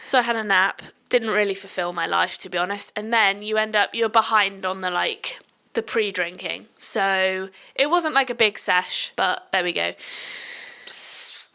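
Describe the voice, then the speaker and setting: A woman's voice: medium pitch, measured pace, vocal fry, sharp tone, smooth. A young woman who works night shifts in medicine, hosting a podcast and chatting in a rambling, self-deprecating way. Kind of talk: casual chat.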